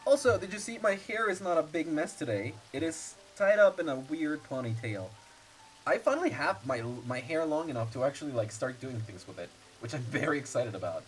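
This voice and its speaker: A man's voice: fairly high pitch, expressive, fairly quick, a little hiss or hum. A man chatting casually while streaming a game, rambling and laughing often.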